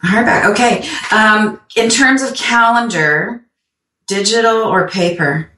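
A woman's voice: mid-range voice, slow pace, bright, forceful tone. A woman hosting an interview, asking questions in a friendly, upbeat way. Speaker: podcast host. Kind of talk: interview conversation. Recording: roomy, distant mic, faint background noise.

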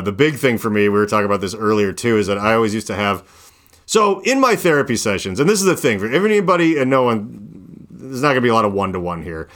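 Rambling lower-voiced man, casual podcast chat. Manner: rambling, animated storytelling with many fillers. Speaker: podcast host.

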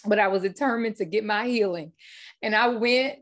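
A woman's voice: mid-range voice, normal speed. A woman hosting a faith-based podcast, telling her story with heartfelt repetition and fillers. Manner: heartfelt testimony, repeats words, fillers. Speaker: podcast host.

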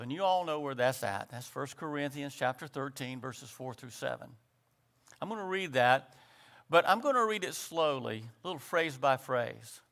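Guy preaching, bright voice, gets loud then goes soft and calls out amen a lot. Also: a little high. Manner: impassioned, swings from loud exhortation to quiet reflection. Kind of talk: sermon.

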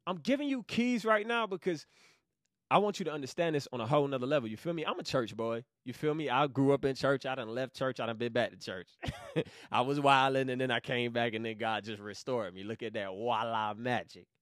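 A young man from Savannah, Georgia, with a Georgia accent, giving an excited, slangy Bible teaching as a podcast host. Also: medium pitch, fairly quick, no echo, clean studio sound. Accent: Southern US, Georgia. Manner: hyped, slangy, bursts into loud exclamations.

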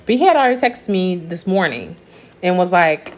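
A woman's voice: fairly low pitch, lively intonation, normal speed. A young woman telling a dating-app story to her viewers in a blunt, sassy, profane way, reading out the text messages as she goes. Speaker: vlogger. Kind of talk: casual storytelling rant.

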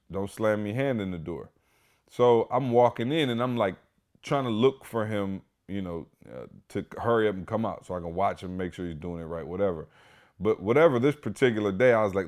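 Animated storytelling man with lower voice. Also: brisk. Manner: animated, emphatic, heavy use of "like" and "y'all". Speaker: podcast host. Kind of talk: casual storytelling.

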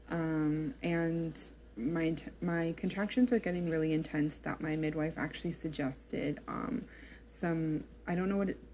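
A woman's voice: deep voice, dark tone, a little hiss or hum. A young woman casually recounting her birth story in a chatty, emotional way, with lots of fillers.

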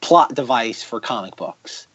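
A man hosting a podcast in casual chat, ranting sarcastically in quick bursts. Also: medium pitch, lively intonation, a bit bright, slightly rough, no room sound, muffled recording. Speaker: podcast host.

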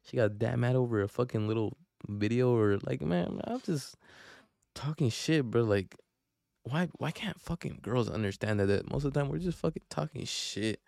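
A man's voice: medium pitch, normal speed, vocal fry, darkish tone, no room sound, clean studio sound. A young man, hosting a podcast and telling a profane, slangy story with lots of restarts. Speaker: podcast host. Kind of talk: casual storytelling.

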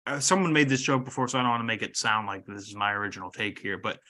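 A man's voice: fairly low pitch, fast, sharp tone. A young man co-hosting a sports podcast, chatting casually and rambling as he tries to recall player names. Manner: rambling, joking, trails off naming players. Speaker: podcast co-host.

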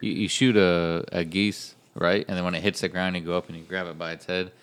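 A man's voice: low voice, level tone, a little fast, clear, resonant tone. A man co-hosting a podcast, telling stories in loose casual chat full of swearing and slang. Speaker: podcast co-host.

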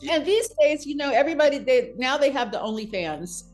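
Woman interview guest, lively storyteller, laughs easily, faint music underneath. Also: brisk. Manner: animated, laughs often, rises high when quoting.

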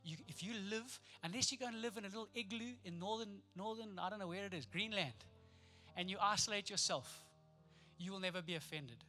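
A man preaching a sermon, animated and playful, acting out the people in his story. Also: high-pitched, a little fast, soft background music. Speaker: pastor.

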